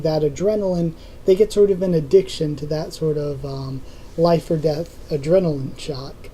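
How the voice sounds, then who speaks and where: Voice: mid-range voice, moderate pace, mellow, slight background noise, poor audio. A young adult YouTube host chatting casually through viewer comments, rambling with many ums and self-corrections. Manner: rambling, full of ums and restarts.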